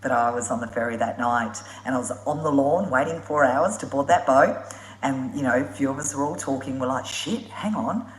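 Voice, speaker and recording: Low-voiced woman, roomy echo. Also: brisk. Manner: animated and blunt, swears freely, laughs often. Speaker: motorbike traveller hosting a live Q&A. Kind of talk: casual live-stream storytelling.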